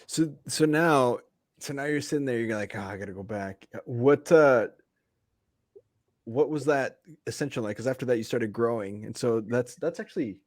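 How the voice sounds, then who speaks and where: Man hosting, with quick reactions. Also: medium pitch, no echo, clean studio sound. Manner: reactive, quick interjections and laughs. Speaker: podcast host. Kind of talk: casual interview.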